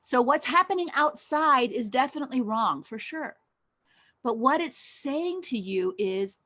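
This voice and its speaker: A woman's voice: sits high, animated, a little slow, a bit bright, dry recording. An older woman giving a conversational teaching talk as a Christian counselor, asking many rhetorical questions.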